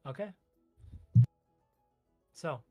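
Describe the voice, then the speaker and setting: A man's voice: very slow, darkish tone, no echo, soft background music. A man narrating a tabletop game as game master, loose and chatty.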